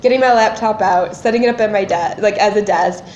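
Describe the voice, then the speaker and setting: A woman's voice: mid-range voice, fairly quick, a little mellow, a little hiss or hum. A woman co-hosting a podcast, telling a story in casual chat and acting out her own panic. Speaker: podcast co-host. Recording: echoey room, dull lo-fi sound.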